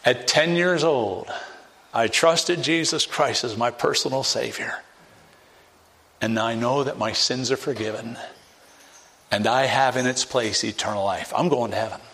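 A man's voice: medium pitch, unhurried, a bit bright. Fervent preacher man. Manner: fervent, rising to emphatic peaks, direct questions to listeners. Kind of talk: evangelistic sermon.

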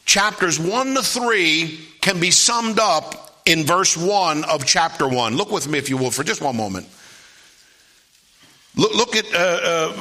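A man preaching a sermon as pastor, emphatic and repetitive, often asking the congregation "Amen?" and reading scripture slowly. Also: a little high, pushed and bright. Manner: emphatic preaching, frequent call-and-response "Amen?", repeats key phrases; reads scripture slowly and deliberately.

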